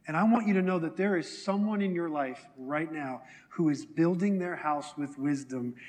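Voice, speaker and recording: In a church hall with a big-room sound, a pastor preaches a sermon conversationally, often putting questions to his congregation. His voice is a little high.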